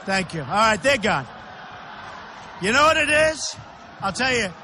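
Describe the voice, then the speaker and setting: A man's voice: very high-pitched, sing-song, measured pace, pauses often, bright, forceful tone, slight background noise. A man giving a campaign rally speech, talking emphatically and repeating himself as he speaks directly to the crowd in a large indoor arena. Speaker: political candidate. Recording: echoey arena reverb.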